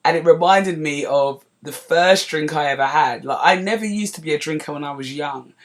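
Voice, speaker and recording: A woman's voice: low voice, moderate pace. Chatty London woman telling a story. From North London, England. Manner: lively anecdotal, chatty asides to listeners. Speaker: podcast host. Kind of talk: casual storytelling monologue.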